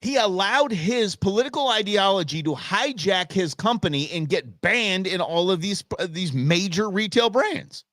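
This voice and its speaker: A man's voice: high-pitched, lively intonation, moderate pace, hardly any pauses, fairly bright tone, no room sound, studio quality. A middle-aged man hosting a live talk show, ranting bluntly and with exasperation. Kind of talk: opinionated live show rant.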